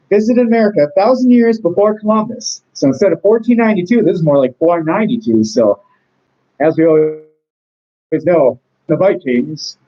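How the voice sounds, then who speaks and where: A man's voice: high-pitched, dull audio. A man casually reading out trivia questions and answers, rambling with chatty, self-deprecating asides. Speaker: trivia host. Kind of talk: casual chat.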